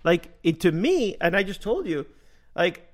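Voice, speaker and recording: Animated storytelling man, lively pitch. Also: a little slow. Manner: animated, laughs often, acts out quoted dialogue. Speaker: podcast host. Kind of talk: casual storytelling chat.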